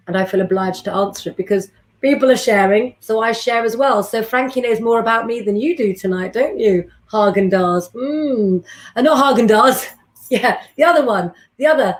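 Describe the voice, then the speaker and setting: A woman, hosting a live astrology stream and chatting with viewers in a rambling way. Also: a little high. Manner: warm, chatty, rambling, gives readings to viewers by name.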